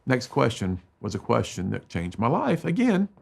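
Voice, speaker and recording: A middle-aged man giving an emotional storytelling talk to students as a motivational speaker, swinging between loud emphatic bursts and hushed low lines. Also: huge pitch swings, moderate pace, gravelly, slightly rough.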